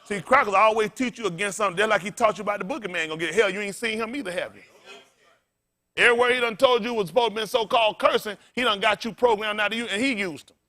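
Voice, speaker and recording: A man's voice: high-pitched, quick pace. A man preaching a sermon as pastor, blunt and profane, drawing answers from the congregation and often laughing. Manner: loud call-and-response preaching, blunt and profane.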